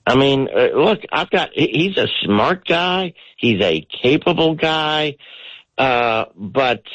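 A man's voice: medium pitch, animated, slow, fairly bright tone, no echo. A man giving blunt, emphatic political commentary on a radio talk show, often restarting his sentences. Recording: dull, dry radio studio audio.

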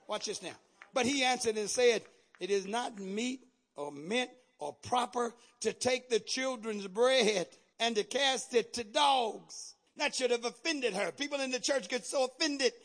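A man's voice: extremely high pitch, a little slow, fairly bright tone. A man preaching a sermon in call-and-response style, rising into fervent exhortation. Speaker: pastor.

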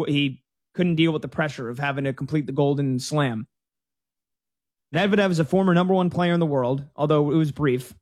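A man giving casual sports betting analysis in a conversational, filler-heavy way. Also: a little high.

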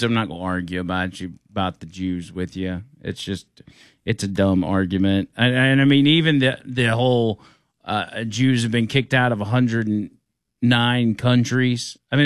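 A man's voice: on the low side, normal speed, no echo, clean studio sound. A man hosting a talk radio show, chatting loosely and rambling from topic to topic. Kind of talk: casual talk radio chat.

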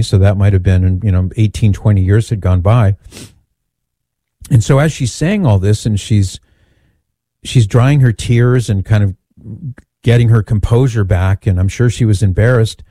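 A man telling a personal story in an earnest, measured way, often repeating phrases for emphasis. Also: on the low side, dark tone, dry recording.

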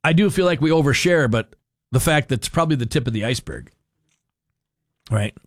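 A male talk radio host who wanders through his thoughts with a wry, chuckling delivery. His voice sits at an ordinary middle pitch. The studio sound is dry and close. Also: expressive, a little fast, no echo. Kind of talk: casual talk radio commentary.

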